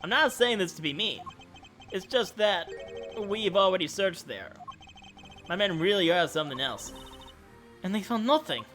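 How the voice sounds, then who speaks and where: A woman's voice: medium pitch, expressive, normal speed, pauses often, fairly bright tone, faint music behind, natural voice. A woman voicing a brash, blunt male agent who swaggers in a game let's play. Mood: cocky.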